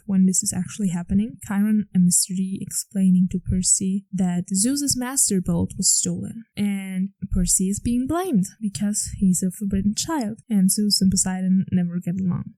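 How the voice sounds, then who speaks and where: Chatty woman with a mellow dry voice. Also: mid-range voice, no room sound, rough recording. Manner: chatty, excited, lots of "like". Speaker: podcast host. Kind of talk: casual episode recap.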